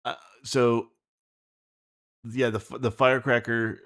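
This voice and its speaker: A man casually thinking out loud while planning a scene, rambling and halting, with frequent swearing. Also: mid-range voice, level tone, crowd noise. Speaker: streamer writing an animation script.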